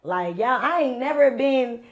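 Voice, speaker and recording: A woman's voice: high-pitched, animated, measured pace, lo-fi sound. A woman from Houston, a podcast guest with a Houston Southern accent, retelling a story in a chatty, slangy, dramatic way. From Houston, Texas. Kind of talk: casual storytelling chat.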